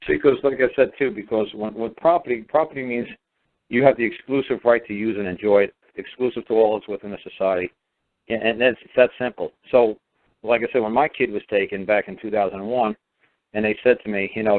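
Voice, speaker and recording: A man's voice: mid-range voice, fast, no echo. Emphatic man on a tinny phone line. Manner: emphatic storyteller, repeats words for stress. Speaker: radio show guest speaker. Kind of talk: call-in radio talk.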